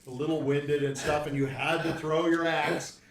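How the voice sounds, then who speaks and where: Casting: relaxed game master, high-pitched man, echoey room, crowd chatter. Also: normal speed. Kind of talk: tabletop game narration.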